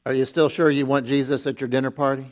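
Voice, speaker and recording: A man's voice: medium pitch, little pitch movement, quick pace, poor audio. A man who is a pastor, preaching a sermon and retelling scripture with rising emphasis on its warnings.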